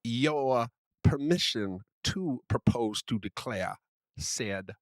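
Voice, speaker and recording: A man putting on a pompous, verbose Southern gentleman with a put-on Southern accent, drawing his words out. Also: mid-range voice, animated, no room sound. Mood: grandiloquent. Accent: American Southern, put on. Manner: flowery, drawn-out, overly formal. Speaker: podcast co-host.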